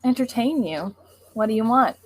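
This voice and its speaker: A woman's voice: fairly high pitch, lively intonation, normal speed. A young woman filling in on a casual livestream, chatting in a playful, teasing way. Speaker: streamer's girlfriend.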